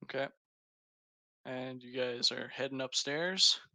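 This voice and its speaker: A man's voice: mid-range voice, slow, sharp tone, no echo. A man running a tabletop game as game master, narrating scenes in an easygoing way.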